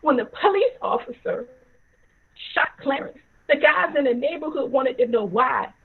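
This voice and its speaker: A woman voicing an enraged, grieving father who yells through tears. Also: high voice, expressive, normal speed, creaky, voice pushed up. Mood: anguished. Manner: shouting, choked with tears. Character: grieving furious father, man in his prime. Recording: tinny phone-like audio.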